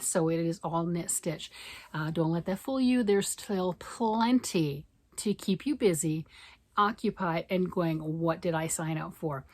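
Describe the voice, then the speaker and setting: A woman's voice: fairly low pitch, a little mellow. A middle-aged American woman chatting enthusiastically to camera in a knitting vlog, with lots of fillers and restarts. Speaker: knitting vlogger. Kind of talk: casual chat to camera.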